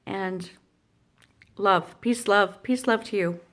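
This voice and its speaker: Emotional woman vlogger with a gravelly edge. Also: mid-range voice, slow pace, a bit bright. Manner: emotional, rambling, with many fillers and restarts. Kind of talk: personal story vlog.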